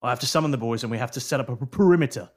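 A man voicing a gruff, officious male security guard in a tabletop game. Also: medium pitch, racing, natural voice. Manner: blunt and officious.

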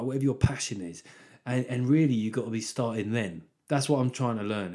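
A man's voice: lowish voice, dark tone. A man hosting his own podcast as a comedian, talking in a rambling, sweary, self-deprecating way. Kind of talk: solo podcast monologue.

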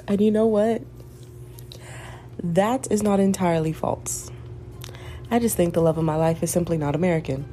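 Casual podcast host, young Southern woman, low-ish mellow voice, rambling and candid. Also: moderate pace, pauses often, soft background music. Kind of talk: casual solo chat.

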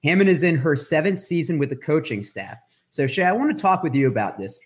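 A man hosting a casual podcast, upbeat and jokey, reading segment intros quickly. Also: fairly high pitch, lively intonation. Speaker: podcast host.

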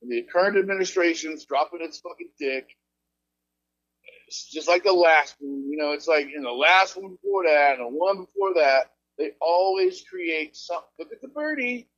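A man's voice: a little high, moderate pace, fairly bright tone, muffled recording. A man who is a podcast guest, agreeing readily and ranting about politics in casual chat.

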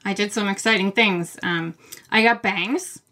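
A woman's voice: medium pitch, measured pace, bright, forceful tone. A woman from Maine with a faint Maine accent, co-hosting a casual book podcast, giggly and rambling. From Maine, USA. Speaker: podcast co-host.

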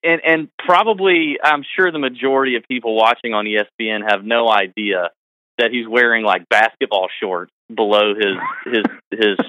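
A man's voice: medium pitch, bright, forceful tone, no room sound. A man co-hosting a podcast, easygoing and laughing along with his guest. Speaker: podcast co-host. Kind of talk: casual podcast chat. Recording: dull dry lo-fi sound.

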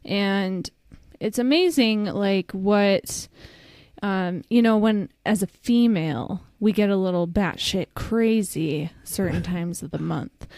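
A woman's voice: medium pitch, slow pace, darkish tone, no room sound. A young woman co-hosting a podcast in candid, casual chat, swearing freely and laughing often. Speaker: podcast co-host.

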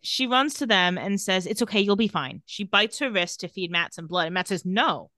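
Her medium-pitched voice is expressive, bright, and forceful, delivered at normal speed. She co-hosts a podcast, casually recapping a TV episode by retelling scenes and lightly sarcastically reading the characters' lines, in clean studio sound with no room sound.

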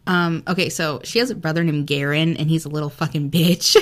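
Young woman, podcast co-host, low-ish pitch, giggly, blunt, casual swearing. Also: steady tone, brisk. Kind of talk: casual book chat.

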